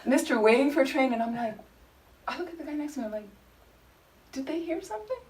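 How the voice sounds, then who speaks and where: A woman leading a Buddhist study group, telling anecdotes in an informal, animated way. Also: sits high, rapid-fire, distant mic, low-quality recording. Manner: chatty, animated storytelling with frequent laughter. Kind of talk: informal teaching talk with anecdotes. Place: group meeting room.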